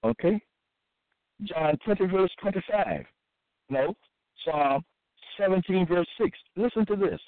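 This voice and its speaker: A man reading scripture aloud in a halting, repetitive monologue, with frequent fillers and restarts. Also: high voice, animated, no echo. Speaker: self-styled preacher. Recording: dry, tinny phone-like sound.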